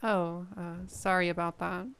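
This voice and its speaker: A woman voicing a friendly, kind young neighbor woman who speaks softly with gentle concern. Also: lowish voice, flat delivery, measured pace, clean tone.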